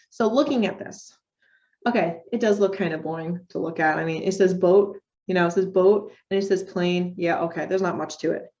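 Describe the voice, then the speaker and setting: A young woman, a speech language pathologist, giving a lecture on reading with children, animated and modeling child talk in a sing-song voice. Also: a little high, highs cut off.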